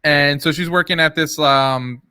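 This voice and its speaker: A man co-hosting a casual podcast, describing a movie hesitantly with many pauses. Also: a little high, pushed and bright, smooth. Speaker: podcast co-host. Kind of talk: casual chat.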